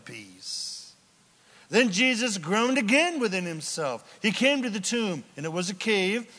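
A man preaching a sermon with dramatic delivery, swinging from loud outbursts to hushed near-whispers. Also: high-pitched, big-room sound. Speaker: pastor.

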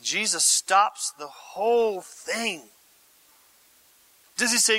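A male pastor delivering a sermon in a bright, high voice, with an unhurried pace. He swings from hushed, near-whispered lines to excited shouts and keeps throwing questions at his listeners. The sound is dry and close. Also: no echo, poor audio. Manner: addresses congregation directly with questions.

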